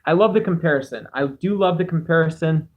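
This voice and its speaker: A man's voice: a little high, fairly quick, phone-quality sound. A man hosting a casual livestream, reading chat aloud and rambling through musings in a self-deprecating way on a cheap home microphone. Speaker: livestream host.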